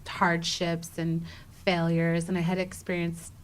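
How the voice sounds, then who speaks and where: A woman in her thirties, a guest on an interview show, telling a personal story with lively energy and acting out the dialogue. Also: on the low side, unhurried, clean tone, rough recording. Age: 30s. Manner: animated, acts out quoted dialogue with many "like"s. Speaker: guest, travel writer.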